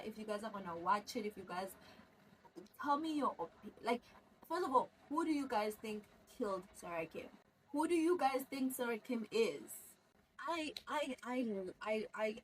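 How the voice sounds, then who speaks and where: A woman vlogger recapping a TV series in casual chat with viewers, excitable, often repeating herself and stumbling over words. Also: medium pitch, far from the mic, a little hiss or hum, rough recording.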